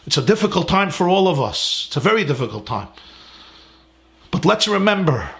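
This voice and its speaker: Earnest high-voiced rabbi teaching from home. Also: male voice, very animated, moderate pace, gravelly, a bit bright. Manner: earnest, emphatic, lists words in rising cadence. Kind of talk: sermon-style class. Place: his home.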